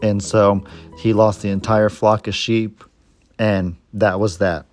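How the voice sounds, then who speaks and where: A man's voice: lowish voice, level tone, takes it slowly, darkish tone, faint music behind. A man who is a farmer vlogger, telling a story in a chatty, folksy way with frequent self-corrections. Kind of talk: casual storytelling vlog.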